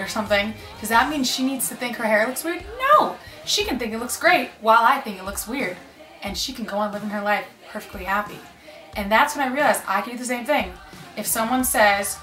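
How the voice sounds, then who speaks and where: Young adult woman, earnest and encouraging; bright tone, echoey room with soft music under her. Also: on the high side, lively intonation, fairly quick. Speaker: advice speaker. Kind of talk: casual advice talk.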